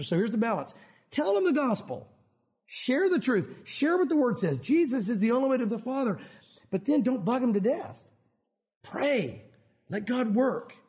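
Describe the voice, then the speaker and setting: A man pastor preaching an animated sermon in a church, acting out quotes from scripture. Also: extremely high pitch.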